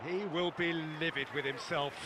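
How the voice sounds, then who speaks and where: A man's voice: a little high, steady tone, moderate pace, close to an everyday voice. A man playing an adult male football play-by-play commentator in a video game, calling the match and rising on chances. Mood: excited. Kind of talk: scripted sports commentary. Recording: game audio with noise behind.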